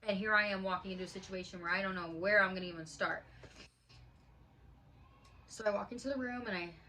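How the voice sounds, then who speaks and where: A woman's voice: medium pitch, fairly quick, bright, forceful tone, slight background noise, poor audio. A woman in her late twenties telling a personal story in a casual vlog, earnest and heartfelt, with lots of fillers. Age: late 20s. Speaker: vlogger.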